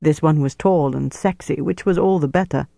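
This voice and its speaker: A man narrating a novel as an audiobook in a measured, steady storytelling voice. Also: a little high, vocal fry, dry recording. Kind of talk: scripted narration.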